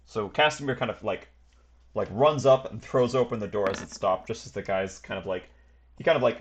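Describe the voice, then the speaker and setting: A man narrating as game master for a tabletop game, rambling and stringing his descriptions together with many fillers and hedges. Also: mid-range voice.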